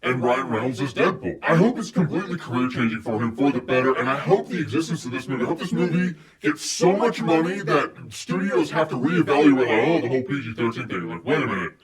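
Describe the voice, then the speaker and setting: A man's voice: medium pitch, animated, fast talker, few pauses, recorded from a distance, over a noisy crowd. A young man giving a casual, irreverent movie review and swearing freely.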